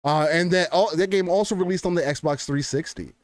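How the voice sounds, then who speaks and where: A man in his twenties co-hosting a casual gaming podcast, joking and animated. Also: a little high, a little fast, no echo. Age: 20s. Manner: animated, joking, drifts into announcer voice. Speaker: podcast co-host.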